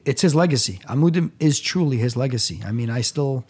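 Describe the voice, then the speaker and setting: A man who is a podcast guest, telling stories in an animated way with lively quoted dialogue. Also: medium pitch, brisk, slightly rough. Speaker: podcast guest, nonprofit founder. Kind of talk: animated storytelling in conversation.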